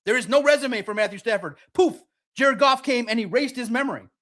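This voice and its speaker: High-voiced man ranting emphatically. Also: a little fast, fairly bright tone. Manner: emphatic, repetitive, mocking. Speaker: podcast host. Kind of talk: heated sports podcast rant.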